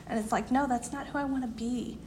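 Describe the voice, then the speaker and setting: Speaking to a women's group, a woman in her fifties delivers an earnest devotional talk, laughing often while her failing voice dips quiet at the ends. Her voice is high, a little fast, and fairly even in intonation, with slight background noise behind it.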